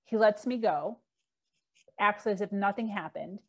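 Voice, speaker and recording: Frank about her past, a middle-aged woman guesting on a podcast tells candid personal stories at a measured pace. She speaks loosely, with plenty of fillers and quoted exchanges, in a voice of ordinary middle pitch for a woman.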